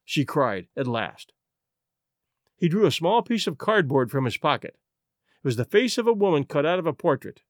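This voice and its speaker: Expressive male storyteller. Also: on the high side, brisk, dry recording, studio quality. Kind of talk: scripted audiobook narration.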